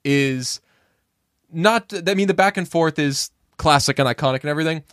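Animated man in casual movie chat. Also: fairly high pitch, moderate pace, no echo, studio quality. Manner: animated, acts out quotes in a raised voice, swears casually. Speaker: podcast co-host.

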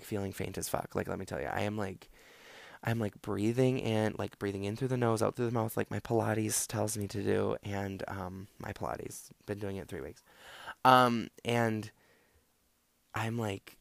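Rambling, profane young man with gravelly voice. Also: fairly low pitch, no echo. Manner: rambling, profane, lots of "like" fillers. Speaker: podcast host. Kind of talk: casual storytelling monologue.

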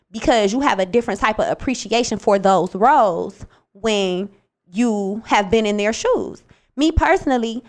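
A young woman hosting her own podcast, talking casually and bluntly about her nursing work, full of swearing and pep talk. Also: on the high side. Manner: blunt, profane, motivational. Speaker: podcast host, nurse.

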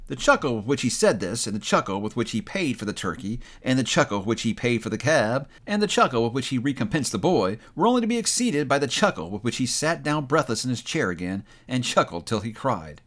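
Animated man reading a storybook aloud. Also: mid-range voice. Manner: expressive, animated narration. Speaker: narrator.

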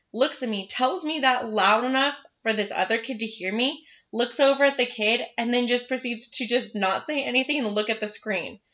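A young woman chatting casually as a podcast co-host, telling animated stories, swearing freely and laughing often. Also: mid-range voice. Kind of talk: casual chat. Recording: dull lo-fi recording.

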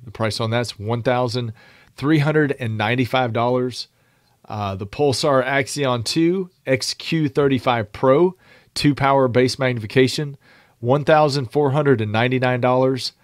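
A man's voice: mid-range voice, no room sound, clean studio sound. A man co-hosting a podcast, reading a product list methodically in a casual chat. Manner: reads product lists at a steady, methodical pace. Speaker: podcast co-host.

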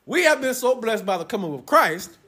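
Lively, husky-voiced young preacher man. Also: high voice, a little fast. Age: young adult. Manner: loud and playful, joking with the congregation. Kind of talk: lively sermon to a congregation.

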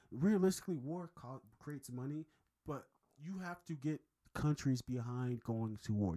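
A man talking fast and heatedly in a casual podcast chat, swearing and repeating himself. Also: mid-range voice, warm tone, rough recording. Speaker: podcast co-host.

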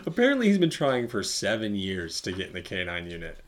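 A man with a fairly low voice talks through a movie with a friend in a loose, casual chat. He gets animated and laughs easily. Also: a little fast. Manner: animated, jumps into high-pitched impressions when laughing.

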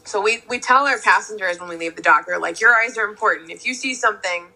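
Young woman, boat crew, casual storyteller; gravelly fry in a bright voice, easy "like"-filled telling. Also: medium pitch, quick pace, rough recording. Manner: relaxed anecdote-telling with "like" fillers. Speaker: whale-watching boat crew.

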